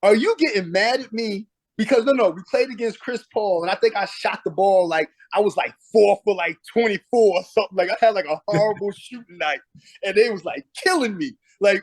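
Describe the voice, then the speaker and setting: A middle-aged man with a notably high voice tells stories from his playing days in a casual interview. He is emphatic and acts out what people said to him. The sound is dry and close. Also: brisk, no echo. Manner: emphatic, acts out past conversations. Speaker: guest, former pro basketball player.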